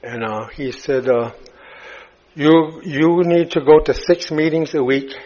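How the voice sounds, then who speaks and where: A man speaking at a recovery meeting, telling his story in a halting way, full of fillers and restarts. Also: a little high, fairly even intonation, warm tone. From United States. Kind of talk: personal recovery story told to a crowd. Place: retreat meeting hall. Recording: dull lo-fi talk recording.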